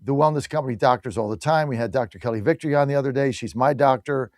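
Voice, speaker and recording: A man's voice: mid-range voice, fast talker, no room sound, studio quality. A man hosting a talk radio show, delivering an opinionated monologue in a combative, mocking and blunt way.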